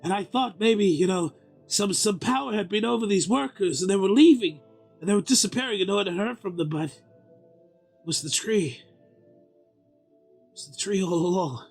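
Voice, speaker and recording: A man's voice: sits high, moderate pace, creaky, pauses often, a little mellow, soft background music. A man voicing a bumbling, well-meaning male paladin in a tabletop game, rambling and stammering with constant apologies. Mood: fretful. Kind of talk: tabletop game role-play.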